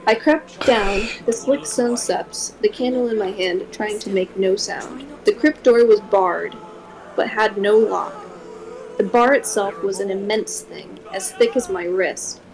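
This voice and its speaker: A woman streamer reading a gothic horror novel aloud in a steady first-person voice. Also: medium pitch, unhurried, poor audio.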